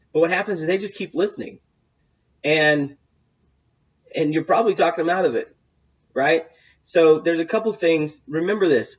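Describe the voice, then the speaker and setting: A man's voice: on the high side, brisk, muffled recording. A man giving casual sales advice, rambling and repeating himself, with many fillers and restarts. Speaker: sales coach.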